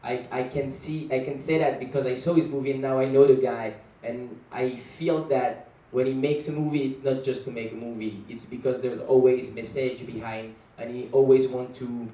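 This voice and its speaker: Young French-accented male guest, mellow, laughs through lines, roomy distant stage sound. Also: mid-range voice. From France. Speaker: guest actor at a film event. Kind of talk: playful stage remarks. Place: event stage with an audience. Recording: echoey event hall, from far off.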